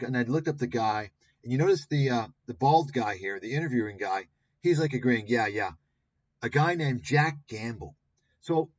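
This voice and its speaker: Combative male livestream host, profane and scornful, husky tone, dull lo-fi audio. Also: medium pitch, dry recording. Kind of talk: ranting commentary on clips.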